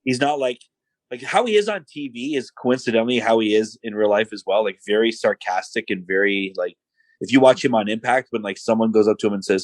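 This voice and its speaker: Speaking a little fast in a lowish voice, this middle-aged podcast guest spins stories in relaxed conversation, voicing the people he quotes. Fillers like "like" and "you know" pepper his speech. There's no echo, but the audio is rough.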